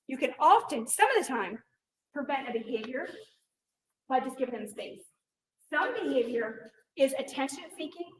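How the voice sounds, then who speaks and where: A woman in her forties, a teacher giving a workshop talk in a dynamic, animated way, sometimes loud. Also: sits high. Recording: echoey room, distant mic, faint noise.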